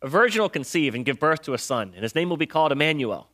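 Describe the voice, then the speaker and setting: A man's voice: fairly high pitch, sing-song, fast, pushed and bright. A man voicing a blunt, teasing old prophet while telling a Bible story in a sermon.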